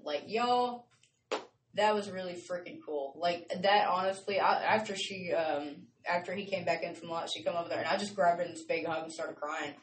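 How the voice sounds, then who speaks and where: A woman's voice: fairly low pitch, distant mic. A woman host talks in a loose, rambling, chatty way and laughs easily. She sits back from the mic, so her voice sounds roomy. A faint hiss runs underneath. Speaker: show host. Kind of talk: casual rambling chat.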